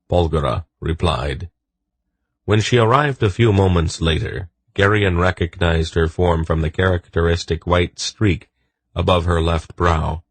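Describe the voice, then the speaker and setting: A man narrating an audiobook in a measured, even storytelling manner. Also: a bass voice, husky, no room sound. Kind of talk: scripted narration.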